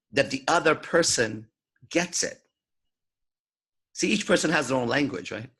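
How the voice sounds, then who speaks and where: A man's voice: medium pitch, sharp tone, slightly rough. A man giving an unscripted lecture as a dating coach, talking in a swaggering, profane, emphatic way.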